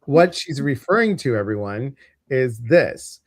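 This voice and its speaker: A man's voice: medium pitch, lively intonation, unhurried. A man with a Midwestern American accent hosting a casual livestream, chatty and rambling with lots of fillers. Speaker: host.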